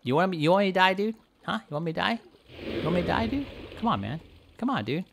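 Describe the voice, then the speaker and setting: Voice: medium pitch, very animated, quick pace, gravelly, background noise. A gameplay commentator giving playful, rambling let's-play commentary, teasing and pleading with the game as they play.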